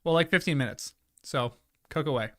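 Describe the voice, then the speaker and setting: Here the host sounds a little high and a bit bright, keeping a moderate pace as he chats casually and apologetically with his live audience. At times he's got food in his mouth, and the audio is clean studio sound with no room tone.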